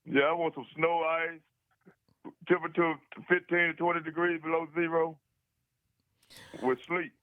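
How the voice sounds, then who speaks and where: A man's voice: fairly high pitch, level tone, normal speed, long pauses, dry recording, narrow, tinny audio. A man calling in to a sports talk show, speaking emphatically in a folksy way. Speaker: caller.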